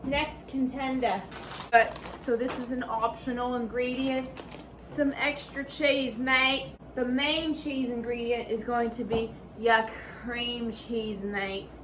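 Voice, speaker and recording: A woman's voice: fairly high pitch, fairly even intonation, slow pace. A woman hosting a casual home cooking video in her kitchen, talking in playful, profane mock-chef banter. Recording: noisy room ambience.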